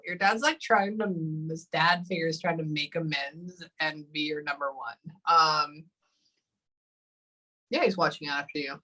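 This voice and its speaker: Bright-voiced woman giving a halting psychic reading. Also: sits low, low-quality recording. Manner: halting, often pausing with hold on and um. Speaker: psychic medium. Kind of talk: live psychic reading session.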